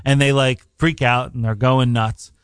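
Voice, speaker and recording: Here a man co-hosts a casual podcast chat in New York, telling meandering stories punctuated by frequent laughter. He has a medium-pitched voice with a flat delivery at normal speed. The sound is clear, resonant, dry and studio-clean.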